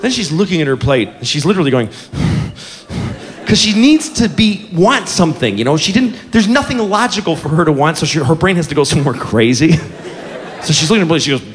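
A man in his forties doing stand-up, telling a story in a profane, self-mocking, animated way. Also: a little high, fast talker, in a large hall. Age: 40s. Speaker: stand-up comedian. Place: comedy club stage with audience. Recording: live club room with crowd and noise.

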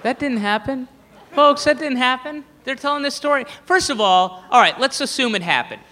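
A male stand-up comedian ranting in an incredulous, mocking, profane way, shouting at the peaks, live at a comedy venue. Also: extremely high pitch, animated, normal speed. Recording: live in a reverberant hall with audience.

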